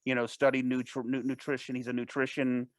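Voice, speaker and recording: A man as an interview guest, telling a personal story in a casual, animated way, with frequent restarts and false starts. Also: mid-range voice, dry recording. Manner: animated, fast-paced anecdote telling.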